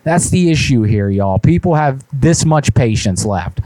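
A man's voice: mid-range voice, lively intonation, unhurried, dark tone, no echo. A man hosting a live prank call show, folksy and mock-indignant, saying "y'all" often. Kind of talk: live-streamed prank calls and chat.

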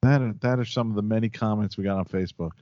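A man hosting a podcast, casually reading out listener comments in a relaxed, chatty way with hesitant fillers. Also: lowish voice, rapid-fire, no room sound. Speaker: podcast host. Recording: dull lo-fi dry sound.

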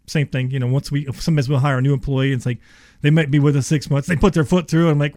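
Chatty middle-aged guy rattling off work stories fast, a bit high, dry studio. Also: fairly even intonation, darkish tone, no room sound. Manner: chatty, rambling anecdotes with quoted dialogue. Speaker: attic service contractor guest. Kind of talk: casual storytelling on radio.

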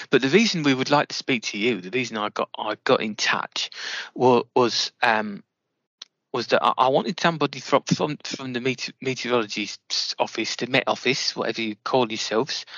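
A man's voice: medium pitch, pushed and bright, no room sound, muffled recording. A British man interviewing a guest, hesitant and stammering, cracking jokes in an improvised comedy chat.

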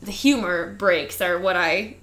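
A woman's voice: on the low side, measured pace, fairly bright tone. A woman co-hosting a casual podcast, chatty and leaning on "like", with frequent laughter. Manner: chatty, heavy use of "like", laughs often. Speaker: podcast co-host. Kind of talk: casual chat.

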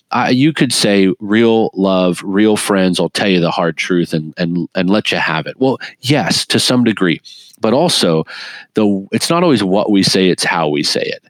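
A middle-aged man speaking as an interview guest, telling his story in an earnest, animated way with frequent laughs and restarts. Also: low-pitched, unhurried, dry recording. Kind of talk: earnest conversational testimony.

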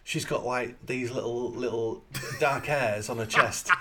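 A man in casual film chat, his voice sitting at an ordinary middle pitch. He retells scenes in a crude, joking way, swearing freely and stopping often for fillers. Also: unhurried, a bit bright.

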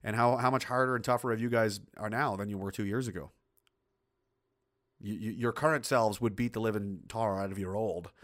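This middle-aged streamer goes through viewer comments and rants profanely and bluntly on a casual broadcast. His voice is bright and forceful yet low-leaning, steady in tone, and brisk. He rambles, restarts, and lets loose heated outbursts.

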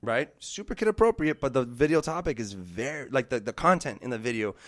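A man in his thirties telling a story in casual podcast chat, animated and full of swearing. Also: mid-range voice, brisk. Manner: animated, profane, acts out quotes.

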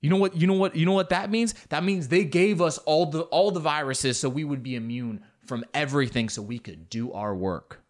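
Guy doing a gruff eastern european old hardman, brags he fears nothing, blunt and cocky, kinda high voice. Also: brisk, hardly any pauses, close to an everyday voice. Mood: defiant. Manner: blunt, defiant, boastful. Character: tough older Eastern European man, fearless ex-KGB boaster.

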